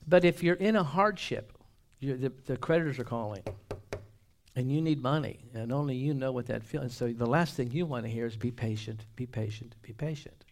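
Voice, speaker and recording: A man preaching a sermon at an even, middle pitch. He punctuates his points with humorous asides and calls for the congregation to answer. His delivery swings from loud exclamations to hushed whispers. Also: fairly quick, a little hiss or hum.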